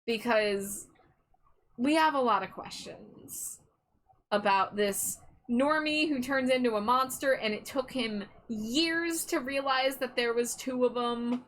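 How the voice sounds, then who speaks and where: A woman hosts a live stream in a loose, chatty way, cursing freely and getting excited. Her voice sits a little high and sounds bright and crisp. She talks with easy, unscripted energy. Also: slow. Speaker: streamer host. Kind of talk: casual chat on a live stream.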